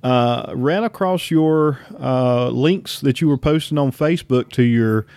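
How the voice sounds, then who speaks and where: A man's voice: mid-range voice, a little slow, a little mellow, clean tone, no room sound. Southern guy hosting a podcast chat, rambles and restarts a lot, dry close mic. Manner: chatty, rambling with many restarts. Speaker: podcast host. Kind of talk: casual interview.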